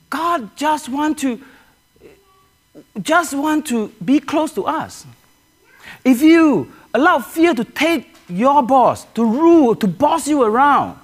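A man delivers a sermon to his church in a high voice. His pitch rises and falls widely as he restarts phrases and turns to the congregation with questions. The tone is earnest throughout. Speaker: pastor.

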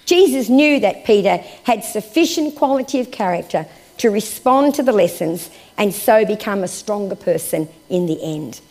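A woman with a medium-pitched, lively voice preaches a sermon and reads scripture aloud. She raises her voice for emphasis, then drops into slow, hushed phrases.

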